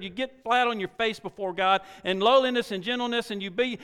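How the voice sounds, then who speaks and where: A middle-aged male pastor preaches a sermon in a high, bright, clear voice, a little fast with hardly any pauses. His folksy style is full of rhetorical questions and moves from quiet asides to loud exhortation. Every phrase trails off into the long reverb of a large church hall.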